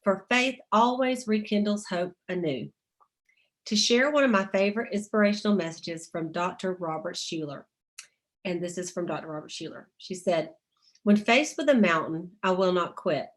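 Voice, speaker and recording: A woman's voice: fairly low pitch, moderate pace. A middle-aged woman leading a motivational sales team call, chatty, laughing often and reading inspirational quotes aloud.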